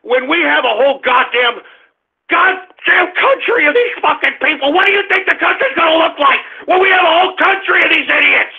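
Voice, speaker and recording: A man hosting an internet radio show, ranting and shouting angrily with heavy cursing. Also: very high-pitched, brisk, creaky. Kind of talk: angry political rant. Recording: tinny phone-like line.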